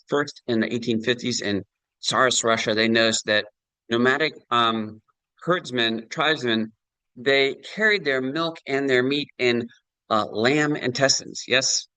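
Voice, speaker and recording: A man's voice: medium pitch, pushed and bright, no room sound, poor audio. A middle-aged man giving a chatty sales presentation on a video call, full of fillers and "right?" tag questions.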